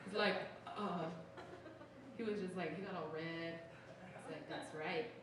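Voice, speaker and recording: A woman's voice: on the low side, fairly even intonation, moderate pace. A young woman from Utah doing a stand-up comedy set, chatty and sarcastic, with "like" in almost every sentence. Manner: chatty, sarcastic, says "like" constantly. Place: small comedy show venue. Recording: echoey room from far off with noise.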